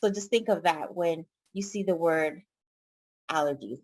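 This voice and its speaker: Slow, patient woman tutor. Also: fairly low pitch, a little mellow. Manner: slow, patient, repeats each word. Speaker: pharmacy tech Spanish tutor. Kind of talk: online vocabulary lesson.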